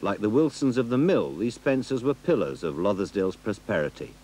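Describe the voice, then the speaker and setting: Man narrating a documentary, lively intonation. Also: fairly low pitch, a little fast. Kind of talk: scripted narration.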